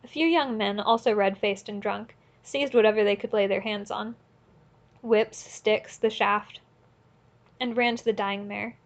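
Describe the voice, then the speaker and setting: A woman narrating an audiobook in a steady, earnest reading voice, now and then correcting a slip. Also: mid-range voice, unhurried, highs cut off. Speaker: audiobook reader.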